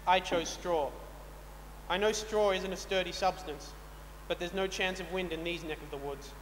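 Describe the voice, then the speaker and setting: A naive young pig, played by a man explains himself in an earnest, matter-of-fact way. His voice is high for a man. The sound rings through a reverberant hall. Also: steady tone, moderate pace, fairly bright tone. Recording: echoey hall with faint noise.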